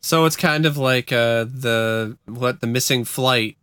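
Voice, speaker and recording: A man's voice: medium pitch, takes it slowly, a bit bright, smooth, no room sound. A man cohosting a podcast, chatting casually and throwing in sarcastic remarks. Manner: wry, sarcastic asides, laughs often. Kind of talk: casual chat.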